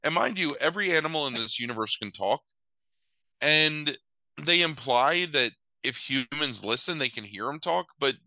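A man's voice: medium pitch, animated, normal speed, pushed and bright, no room sound, low-quality recording. A man recapping a movie in a loose, sarcastic chat, swearing casually and using many filler words.

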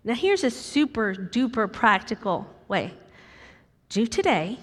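Middle-aged American woman preacher, high voice, animated sermon delivery, church hall reverb. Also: measured pace. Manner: animated, acts out voices with sudden high squeaks.

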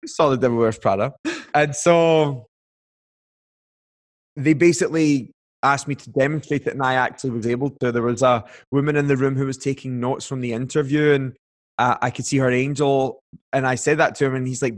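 A man's voice: mid-range voice, steady tone, fairly quick. Chatty young man telling a story. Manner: chatty, filler-heavy, acts out quoted voices. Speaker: guest. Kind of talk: casual storytelling chat.

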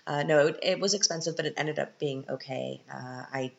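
A woman's voice: deep voice, brisk, vocal fry. A woman hosting a casual solo podcast, chatty and upbeat with self-deprecating humor. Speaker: podcast host and parent. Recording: slightly muffled lo-fi audio.

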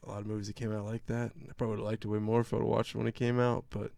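A man's voice: fairly low pitch, rapid-fire, vocal fry, no room sound. A man co-hosting a podcast, ranting sarcastically about a movie in casual chat and mocking its characters. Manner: sarcastic, animated movie rant with mocking impressions. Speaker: podcast co-host.

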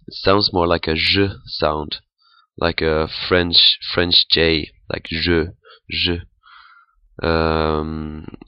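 A man giving a pronunciation lesson, speaking haltingly with many fillers and repeating sounds to demonstrate. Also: low voice, clean tone, no echo, muffled recording. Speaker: language teacher.

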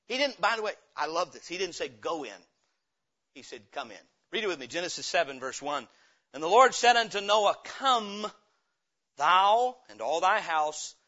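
A pastor preaching in a church, with a high, bright voice that has a sharp edge. He swings between ringing emphasis and low, quiet asides. The sermon recording sounds dull and lo-fi. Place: church sanctuary.

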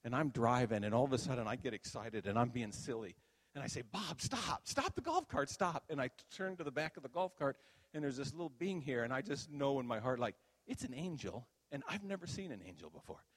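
An older man telling a playful, animated story as a sermon, acting out voices in the telling. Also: medium pitch, fast talker. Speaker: pastor. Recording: reverberant hall.

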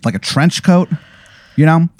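A man's voice: a little high, animated, measured pace, darkish tone, no echo, clean studio sound. A man casually spinning a rambling hypothetical story, full of "like" and "you know what I mean.". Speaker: host telling a hypothetical.

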